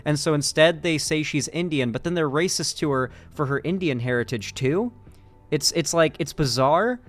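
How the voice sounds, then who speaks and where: A man's voice: fairly high pitch, moderate pace, faint music behind. A young man from Florida giving casual, sarcastic commentary on political news clips. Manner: chatty, sarcastic asides, puts on mock Southern voices.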